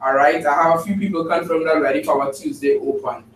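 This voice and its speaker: A man's voice: on the high side, fairly even intonation, fast talker, distant mic, a little hiss or hum. A man giving an upbeat, chatty report at a group meeting, with many fillers. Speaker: team member giving a report. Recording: echoey room mic from afar, light ambience.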